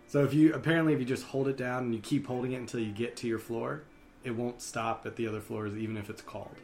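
A woman from Maryland co-hosting a podcast, chatting casually and thinking out loud with some hesitation. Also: a bass voice, steady tone, fast. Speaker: podcast co-host. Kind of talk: casual studio chat. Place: studio.

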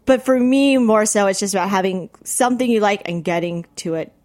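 A woman's voice: mid-range voice, a little fast, darkish tone, dry recording. A woman co-hosting a podcast in a friendly, easygoing way. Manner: friendly, reads listener questions aloud. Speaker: co-host. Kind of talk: casual podcast chat.

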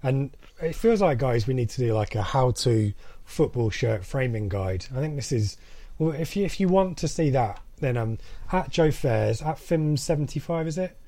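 A man's voice: mid-range voice, animated, normal speed, dark tone, no echo. A man hosting a casual football podcast, chatty with many fillers and restarts. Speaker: podcast host.

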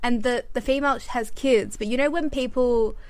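A woman's voice: fairly high pitch, fairly even intonation, moderate pace, a little mellow, dry recording. A young woman, co-hosting a casual podcast chat, giggling and tripping over her words as she tells work stories. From Australia. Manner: giggly, stumbles and restarts mid-sentence. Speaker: podcast co-host.

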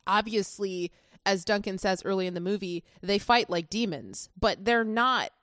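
A woman's voice: medium pitch, normal speed, fairly bright tone, dry recording, studio quality. A woman co-hosting a podcast, chatting casually about a film with enthusiasm and lots of fillers. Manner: enthusiastic, rambling with many fillers. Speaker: podcast co-host.

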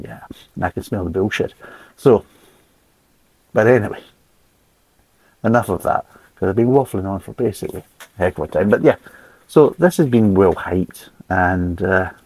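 A man's voice: fairly low pitch, gravelly, warm tone, breathy edge, dry recording, low-quality recording. A man reviewing a beer in a casual, rambling way, blunt and full of swearing.

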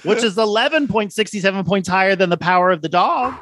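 A chatty man with a fairly high voice that swoops up and down as he talks. He hosts a casual film-review chat, laughing often and filling his sentences with "like." The sound is dry and close. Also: animated, a little fast, a bit bright, no echo. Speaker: podcast host.

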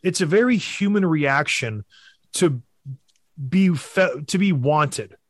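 A man, a former hockey player, co-hosting a casual sports talk show and telling stories with animated emphasis. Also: on the high side, slow, no echo, studio quality.

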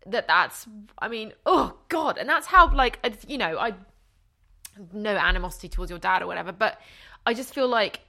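A woman's voice: medium pitch, expressive, moderate pace, gravelly, sharp tone. A middle-aged woman co-hosting a podcast, talking earnestly in casual chat and trailing off into restarts. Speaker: podcast co-host.

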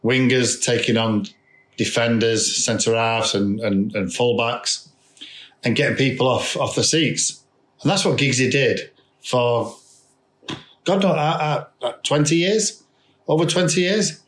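A man's voice: medium pitch, a little slow, a bit bright. A man chatting enthusiastically about football on a podcast, often restarting and repeating his words. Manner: enthusiastic, repetitive, trailing restarts. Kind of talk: casual football chat. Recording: roomy echo.

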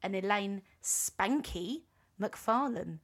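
A woman's voice: medium pitch, expressive, slow. A woman co-hosting a podcast, recounting a band's history in a rambling, chatty way full of ums and self-corrections. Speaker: podcast co-host.

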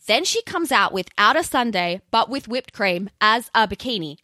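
A woman's voice: on the high side, sing-song, moderate pace, pushed and bright, no echo, studio quality. Chatty sweary Australian woman. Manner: chatty, sweary, sarcastic asides. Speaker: podcast host. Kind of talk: casual ranting podcast monologue.

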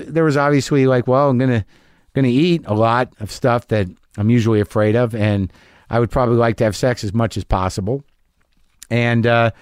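A man's voice: mid-range voice, clear, resonant tone, no echo, clean studio sound. Anxious, self-mocking man telling a story. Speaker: podcast host. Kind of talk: monologue.

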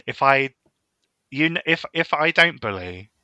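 A man's voice: mid-range voice, sing-song, unhurried, pushed and bright, no room sound, dull audio. A young man co-hosting a podcast, teasing and cheeky in casual chat, swearing freely. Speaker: podcast co-host.

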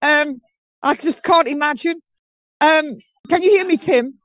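High voiced english lady walking around a market on her phone, lots of stops and restarts. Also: measured pace, dry recording. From southern England. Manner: chatty, animated, with many restarts. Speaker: guest on a live call-in show. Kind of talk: live walking tour on a phone call. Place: outdoor street market.

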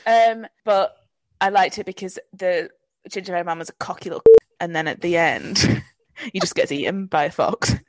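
A woman's voice: on the low side, normal speed, dry recording. A young woman chatting casually with a co-host, telling childhood stories with swearing and acted-out quotes. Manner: lively, swearing, acts out quotes. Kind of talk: casual chat.

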